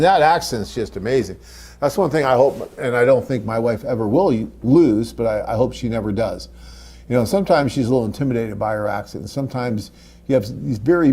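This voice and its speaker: A middle-aged man hosts a live webcast for a dating agency, chatting casually and reading out viewer questions while rambling with fillers and restarts. His voice is medium in pitch, dark in tone, with a breathy edge.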